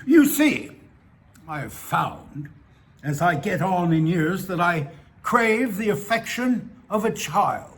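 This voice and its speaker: A man's voice: high voice, pushed and bright, heavily acted. A man voicing a lonely seventy-six-year-old man who talks in a hesitant, self-justifying way. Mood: wheedling. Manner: hesitant, wheedling, protests too much.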